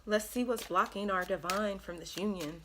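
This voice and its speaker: A woman giving an earnest, emotional spiritual card reading to her viewers, pausing often with ums. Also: mid-range voice, noisy background. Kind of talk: tarot reading monologue.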